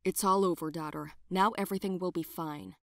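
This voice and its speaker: A woman voicing a worried mother gently reassuring her daughter. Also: lowish voice, fairly even intonation, a little fast, dry recording, clean studio sound, natural voice.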